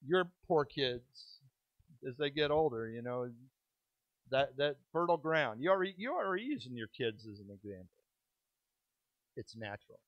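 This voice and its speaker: A middle-aged man preaching a sermon as pastor, stressing key words with slow stretched phrases and pauses, then slipping into quick, self-mocking asides. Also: mid-range voice, sing-song, no room sound, muffled recording. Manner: drops into quick asides and self-deprecating humor.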